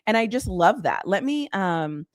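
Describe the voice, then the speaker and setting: A woman in her young adult years chats to her live audience in a loose, rambling way, circling back to the same lines over and over. Her voice leaps up and down in pitch. The sound is close and dry. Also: unhurried, no room sound. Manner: excited, rambling, repeats herself. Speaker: live stream host. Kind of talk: casual live-stream chat.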